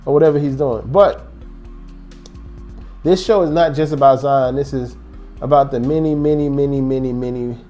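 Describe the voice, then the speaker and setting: A man's voice: mid-range voice, moderate pace, pauses often, soft background music. A man hosting a casual basketball fan show, rambling and joking as he goes. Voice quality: animated, rambling, joking banter. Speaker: sports vlog host.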